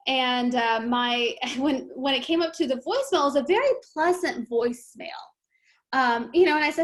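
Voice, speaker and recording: High-pitched lady hosting a video call, chatty and laughing as she tells a story. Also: moderate pace. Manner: chatty, laughing, animated retelling. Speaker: meeting host. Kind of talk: casual storytelling on a group call.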